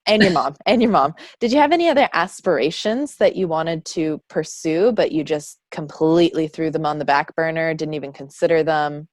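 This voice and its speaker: A woman with a very low voice hosts the interview in a dry, close recording. She listens attentively and keeps up a steady stream of agreeing murmurs. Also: normal speed, hardly any pauses, dry recording. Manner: attentive, with frequent mm-hmms. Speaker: podcast host. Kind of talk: podcast interview.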